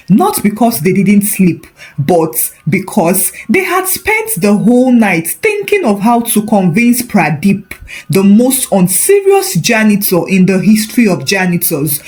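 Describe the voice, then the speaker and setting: A woman with a Nigerian accent telling a comic story in playful scripted narration, sprinkled with Pidgin. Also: medium pitch.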